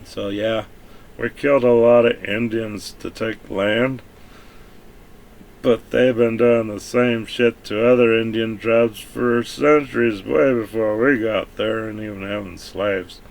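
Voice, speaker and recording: A man's voice: lowish voice, steady tone, slow, vocal fry. A man from the United States talking bluntly and offhandedly in a rambling, profane vlog monologue. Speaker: vlogger.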